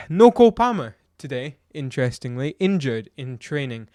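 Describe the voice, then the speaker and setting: A man's voice: mid-range voice, sing-song, normal speed, a little mellow, dry recording, studio quality. A man giving a blunt, exasperated football match review, ranting and firing off rhetorical questions. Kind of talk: opinionated match review vlog.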